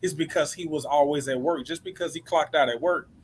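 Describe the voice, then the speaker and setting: Earnest man with a higher voice. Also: brisk, slight background noise. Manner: earnest advice-giving. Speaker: guest father. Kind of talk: live conversation.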